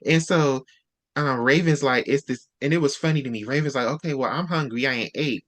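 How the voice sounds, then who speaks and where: Host: man, mid-pitched, chatty book recap voice, acts out quotes on the fly. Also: a bit bright. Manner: retells scenes with quick quoted dialogue. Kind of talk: casual book discussion.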